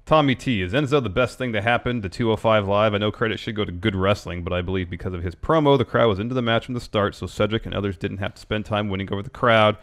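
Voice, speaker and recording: Man, podcast co-host, lowish voice, dry and matter-of-fact, casual chat. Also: fast, few pauses. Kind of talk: casual chat, reading listener questions.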